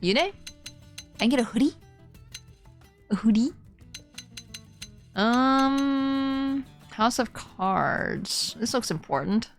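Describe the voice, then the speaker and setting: A young woman streaming a video game, chatting casually with her viewers, excitable and giggly as she reacts to what happens on screen. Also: a little high, takes it slowly, long pauses, faint music behind. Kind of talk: casual gameplay commentary.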